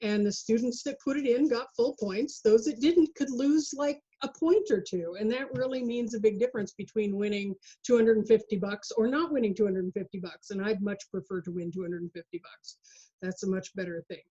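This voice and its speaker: A woman presenting an online workshop lecture over a video call, chatty and jokey with animated asides. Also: mid-range voice, fairly quick, husky. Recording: dull lo-fi video call audio.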